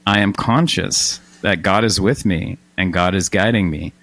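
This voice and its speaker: A man hosting a podcast in casual chat, animated and quick with self-deprecating asides. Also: low voice, no echo. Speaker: podcast host.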